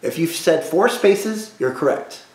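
Slow, patient man teaching music. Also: on the high side, animated, darkish tone, echoey room. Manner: patient, repetitive call-and-response drilling. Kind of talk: recorded music lesson for students.

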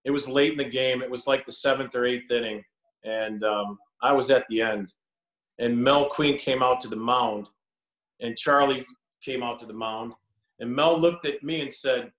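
A middle-aged man, a former pitcher, telling animated anecdotes on a video call and acting out the dialogue. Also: moderate pace. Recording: echoey room on a call.

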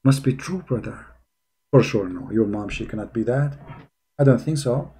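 Man, gravelly, husky, sarcastic commentary on a video clip, lots of fillers. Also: mid-range voice, lively intonation, dark tone. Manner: mocking and sarcastic, keeps calling the listener brother; halting, with many fillers and restarts. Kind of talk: critical commentary on a played clip.

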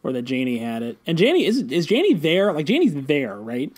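A man's voice: fairly high pitch, wildly swooping pitch, a little fast, darkish tone. A man co-hosting a podcast in casual chat, rambling and thinking aloud, often checking for agreement. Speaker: podcast co-host.

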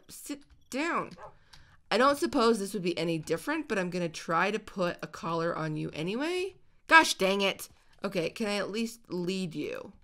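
A woman hosting a video game let's-play, chatting excitably and squealing over the pets she finds. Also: medium pitch. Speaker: host.

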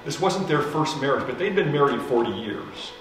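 A man preaching as pastor, telling a story in a loose, conversational way with fillers and soft laughs. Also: medium pitch, lively intonation, moderate pace, slight background noise. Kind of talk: sermon storytelling. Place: church sanctuary. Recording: echoey hall, mic from a distance.

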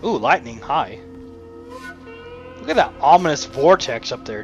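A man talks his way through a video game in a loose, rambling commentary, chatting to himself and the screen as he goes. His voice sits at an ordinary middle pitch. Game music plays clearly beneath him. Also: very animated, measured pace, pauses often, lo-fi sound. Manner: rambling, chatty self-talk with frequent asides to the game. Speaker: let's play commentator. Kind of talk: casual gameplay commentary.

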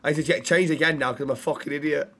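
A streamer talking casually while he plays, with a fairly high voice for a man. He mutters and swears freely to himself. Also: fairly even intonation, rapid-fire, bright, forceful tone. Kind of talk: casual gaming commentary.

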